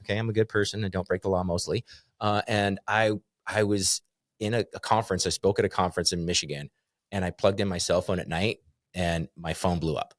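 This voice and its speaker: A man's voice: low voice, brisk, no echo, studio quality. A middle-aged man from North Idaho, a guest speaker telling stories in a casual podcast chat, laughing often and acting out dialogue. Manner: animated storyteller, laughs often, acts out dialogue.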